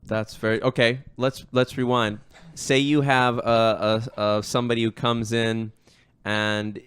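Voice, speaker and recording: A man's voice: medium pitch, level tone, unhurried, fairly bright tone, smooth. A young man hosting a casual conversation, rambling through stories with frequent fillers and restarts. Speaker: host.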